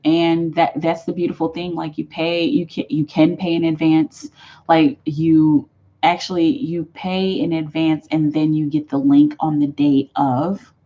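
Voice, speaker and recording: A woman's voice: deep voice, little pitch movement, a little slow, muffled recording. A woman tarot reader chatting casually on a live stream, rambling with many fillers.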